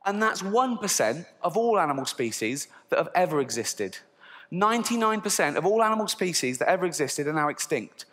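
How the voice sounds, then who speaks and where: A man doing a stand-up routine, crude and deadpan in his punchlines, often laughing at his own jokes. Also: sits high, a little fast. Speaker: stand-up comedian. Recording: long reverb of a large hall.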